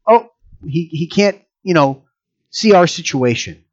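A man preaching a sermon in an animated, conversational way, asking the congregation questions. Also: a little high, measured pace, lo-fi sound. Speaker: pastor.

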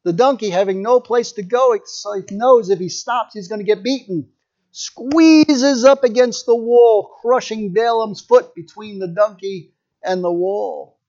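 Preacher, male, high voice, chatty storytelling sermon, muffled lo-fi recording. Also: unhurried, darkish tone. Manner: storytelling, conversational asides.

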